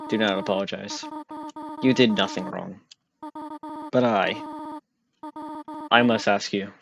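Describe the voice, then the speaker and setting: A man reading the lines of a gentle motherly goat-woman caretaker from a game in his own low voice, formal and unhurried, not doing a voice. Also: creaky. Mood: sorrowful. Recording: game music underneath.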